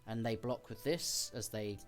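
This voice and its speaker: A man at a mid pitch, streaming a card game and calmly walking through every decision as he thinks aloud. Soft game music plays faintly behind him. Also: normal speed. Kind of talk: casual gameplay commentary.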